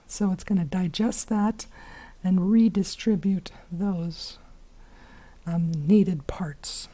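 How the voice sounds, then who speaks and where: A hoarse woman teaching biology in a chatty recorded lesson, with many fillers and whispery asides. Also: lowish voice, steady tone, takes it slowly, dark tone.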